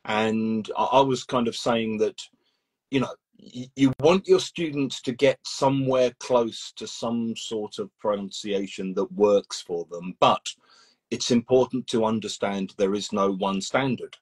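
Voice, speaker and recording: Male host of a casual live interview, husky voice, loose rambling delivery with restarts. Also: lowish voice, unhurried, poor audio. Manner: rambling, with many restarts and acted examples.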